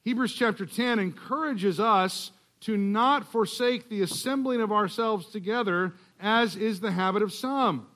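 A man with a high voice preaches a sermon in a church. He speaks conversationally, mixing scripture reading with joking asides. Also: a little slow, few pauses, a bit bright. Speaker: guest preacher.

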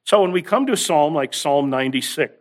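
A man's voice: a little high, animated. A man preaching a sermon, teaching earnestly and building emphasis on key phrases by stretching them out. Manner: earnest, builds emphasis with rising stress and drawn-out words.

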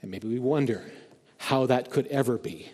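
A man's voice: medium pitch, moderate pace, a little mellow. A man preaching a sermon in a church, earnest and emphatic, building up to repeated key phrases. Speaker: pastor. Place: church sanctuary. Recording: long hall reverb.

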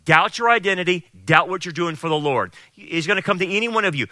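Bright-voiced emphatic pastor preaching. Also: male voice, sits high, expressive, fast, hardly any pauses, no room sound. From California. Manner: emphatic, repeats key phrases for stress. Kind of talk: sermon.

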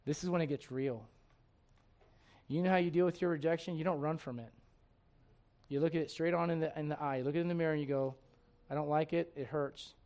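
A middle-aged pastor delivers his sermon in a folksy, animated manner, his voice sitting a touch higher than most men's. He swings from quiet, confiding stretches to lively acted-out asides. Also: fast talker.

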